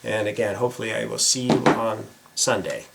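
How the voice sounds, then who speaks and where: A man's voice: fairly low pitch, brisk, creaky, very noisy. A middle-aged man from the United States hosting a casual vlog, chatty and self-deprecating, with frequent filler words. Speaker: vlog host. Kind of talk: casual direct-to-camera vlog.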